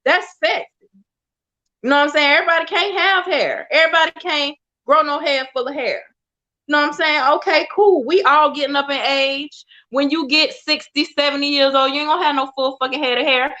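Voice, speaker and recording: A woman's voice: high voice, brisk, bright, forceful tone. A woman who is a guest on a live podcast, joking bluntly and teasing the host. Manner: blunt, teasing, frank about dating. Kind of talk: casual live podcast banter. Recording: dull lo-fi stream audio.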